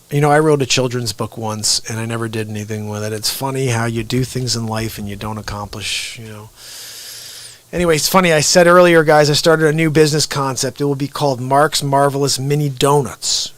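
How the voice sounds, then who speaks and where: A man's voice: mid-range voice, dry recording. Guy rambling on his late night stream, giggly and tired, dry sound. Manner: giggly, rambling, laughs at his own bits. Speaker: livestream host and comedian. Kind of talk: late-night casual livestream chat.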